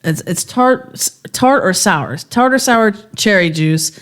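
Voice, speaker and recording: A woman's voice: medium pitch, animated, measured pace. Chatty woman telling stories. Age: adult mother. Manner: chatty storyteller, lots of fillers. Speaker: podcast co-host. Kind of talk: casual chat.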